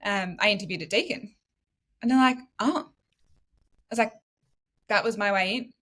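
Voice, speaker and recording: An Australian woman in her thirties tells her story as a guest in a relaxed podcast chat. She talks in a lively, animated way, laughs often, and acts out the lines of the people in her story. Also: medium pitch, moderate pace. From Western Australia. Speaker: guest, medical student and former nurse.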